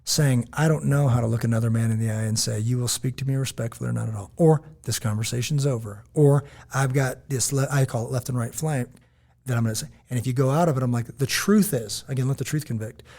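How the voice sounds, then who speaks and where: An American man co-hosting a podcast, chatting casually and telling stories, acting out quotes in lively voices. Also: medium pitch, fast talker, gravelly. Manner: animated storytelling, quotes others in lively voices. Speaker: podcast co-host. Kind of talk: casual chat.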